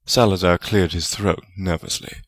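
A man narrating a fan fiction story in an expressive storytelling manner. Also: low-pitched, normal speed, no room sound. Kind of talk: audiobook fan fiction reading.

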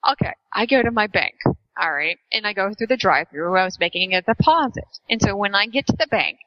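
A woman's voice: medium pitch, a little fast, dry recording. A woman chatting casually, telling a funny story with lots of giggles and acted-out voices. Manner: giggly, animated storyteller who acts out voices. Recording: dull lo-fi sound.

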